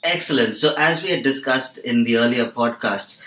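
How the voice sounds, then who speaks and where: Man as the accent coach guest, calm and measured, medium pitch, roomy echo. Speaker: voice and accent trainer. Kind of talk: explaining in a podcast interview.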